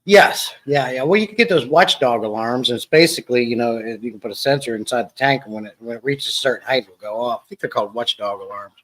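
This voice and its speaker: A man chats loosely at home on a live stream, bouncing between jokes and replies to viewers and family. His voice sits at an ordinary middle pitch for a man. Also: fast talker, few pauses, fairly bright tone, low-quality recording. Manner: rambling and jokey, answering chat and people at home. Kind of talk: casual live-stream chat.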